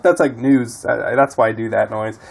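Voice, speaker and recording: A man's voice: medium pitch, steady tone, a little fast, creaky. Swearing man fixing a quad. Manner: profane, frustrated muttering. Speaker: DIY mechanic vlogger. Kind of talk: casual talk while repairing.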